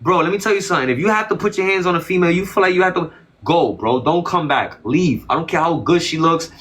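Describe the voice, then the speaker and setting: A man's voice: on the high side, fast talker, a bit bright. A man as an interview guest, talking in a casual, emphatic and slangy way, often repeating himself defensively.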